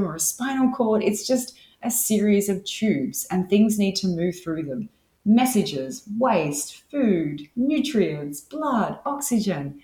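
A woman hosting a solo wellness podcast, talking enthusiastically and laughing often between her points. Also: lowish voice. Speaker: podcast host. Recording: roomy echo.

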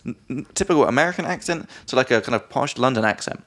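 A man co-hosting a casual podcast, at an ordinary pitch for a man. He rambles through anecdotes full of fillers and restarts. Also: lively intonation, quick pace, a bit bright. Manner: chatty storyteller, many fillers, acts out quoted lines. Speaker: podcast co-host. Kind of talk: casual chat.

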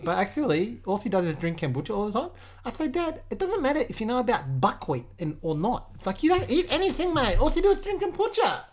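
A woman's voice: a little high, very animated, quick pace. A woman voicing a boastful, mischievous eight-year-old boy who hosts a comedy podcast. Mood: bratty. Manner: bratty and boastful, giggly, loud outbursts. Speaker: podcast host. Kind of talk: comedic improvised character podcast.

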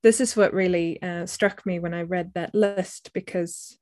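Woman co-host, slightly low voice, measured and reflective. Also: steady tone, a little mellow. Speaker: parenting podcast co-host. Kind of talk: casual discussion.

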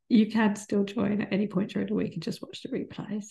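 A woman in her forties talks through a casual solo podcast episode, rambling and self-deprecating with the odd swear. Her voice sits at a middling pitch with a gravelly, fry-laced texture. She often lets her sentences fall away into soft, whispery asides. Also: steady tone, fairly quick. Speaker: podcast host.

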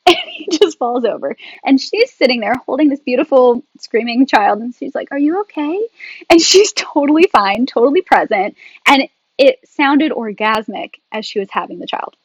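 A woman guest in a casual talk, telling her story in a chatty, animated way. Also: a little high, moderate pace, breathy edge, no room sound, poor audio. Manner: animated, chatty, laughs often. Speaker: podcast guest.

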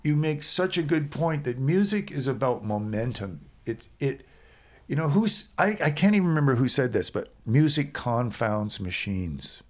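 A man, a musician guest, chatting on a podcast and telling animated stories about recording. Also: mid-range voice, normal speed. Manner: animated storyteller, acts out quoted voices. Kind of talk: casual podcast conversation.

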